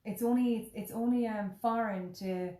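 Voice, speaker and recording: A woman in her thirties telling a personal story in lively conversation, acting out her own self-talk and laughing often. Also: fairly high pitch, normal speed. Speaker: guest. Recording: roomy echo.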